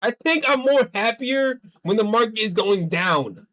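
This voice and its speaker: A man's voice: high voice, lively intonation, unhurried, a bit bright. A man streaming a game and chatting casually, venting in a rambling, profane way. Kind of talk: casual livestream chat while gaming.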